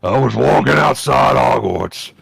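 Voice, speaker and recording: A man voicing a gruff orc reading a goth teen girl's story aloud as a comic dramatic reading. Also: mid-range voice, expressive, measured pace, fairly bright tone, dry recording, clean studio sound, faint music behind, full character voice. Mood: shouting.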